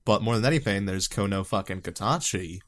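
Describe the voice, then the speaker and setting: A man's voice: fairly low pitch, fairly quick, a bit bright. A man co-hosting an anime podcast in loose, profane, rambling casual chat. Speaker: podcast co-host.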